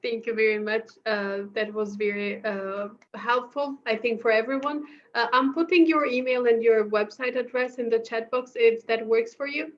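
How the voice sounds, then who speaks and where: A woman's voice: a little high, fairly even intonation, moderate pace, few pauses, muffled recording. A woman moderating an online workshop over a video call, speaking hesitantly with fillers. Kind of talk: moderating a live online session.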